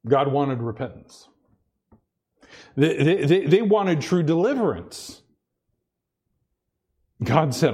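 A man's voice: a little high, expressive, slow, pauses often, warm tone, slightly rough. A man preaching a sermon, earnest, repeating himself and restarting phrases as he presses his point. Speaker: pastor.

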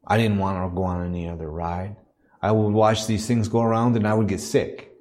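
Deep-voiced man preaching a story. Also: little pitch movement, darkish tone. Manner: earnest, halting storytelling building to a preaching cadence. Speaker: missionary preacher. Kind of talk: sermon with personal story. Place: church.

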